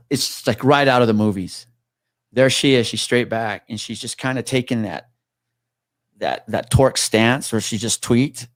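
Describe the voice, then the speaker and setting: A man's voice: medium pitch, no room sound, clean studio sound. Casual man spinning a gritty story. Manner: swears freely, acts out quoted voices. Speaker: guest telling a story.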